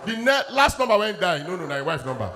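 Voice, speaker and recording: A man with a Nigerian Pidgin accent doing an animated stand-up set, acting out his bits loudly. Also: high voice, fast talker. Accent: Nigerian Pidgin English. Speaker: stand-up comedian.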